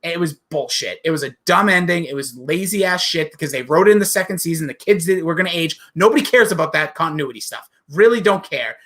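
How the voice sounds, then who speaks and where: A man's voice: a little high, lively intonation, quick pace, few pauses, a bit bright. A man co-hosting a podcast in casual chat, ranting heatedly and swearing. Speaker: podcast co-host.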